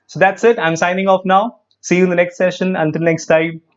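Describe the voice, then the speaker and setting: A man with an Indian English accent teaching an online grammar class, lively and repetitive, quizzing his students as he goes. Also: high-pitched, a little fast, dull audio. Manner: lively, repeats phrases, quizzes students, frequent "perfect".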